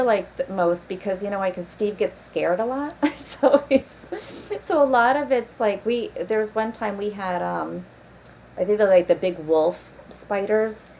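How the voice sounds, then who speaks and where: Gravelly-voiced woman chatting loosely. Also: mid-range voice, mellow, slight background noise, rough recording. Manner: laughs often, rambling restarts. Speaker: podcast guest, paranormal investigator. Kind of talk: casual chat.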